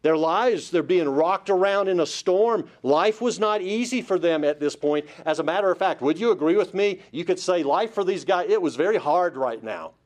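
A man with a fairly high-pitched voice preaches a Bible-study sermon. He is emphatic and keeps putting rhetorical questions to his listeners. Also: lively intonation, moderate pace, few pauses. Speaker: pastor.

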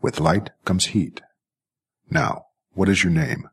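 A man voicing a calm, formal robot zookeeper in an audiobook story, speaking in measured, polite sentences. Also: deep voice, creaky, husky, pitched above the performer's own voice, full character voice.

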